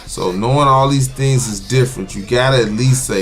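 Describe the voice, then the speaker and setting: A man's voice: mid-range voice, a little fast, faint music behind. A man talking bluntly and profanely in a casual podcast conversation. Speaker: podcast co-host.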